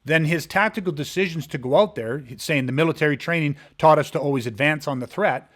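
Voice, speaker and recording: A man's voice: a little high, fast talker, a bit bright. Podcast co-host, man, questions the listener with hypotheticals to make a point. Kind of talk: casual discussion.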